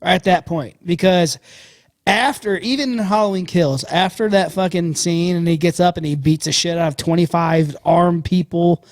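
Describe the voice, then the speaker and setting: High-voiced, blunt, swearing man. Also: dry recording, studio quality. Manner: animated, profane, blunt, rambling. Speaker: podcast co-host. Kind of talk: casual podcast chat.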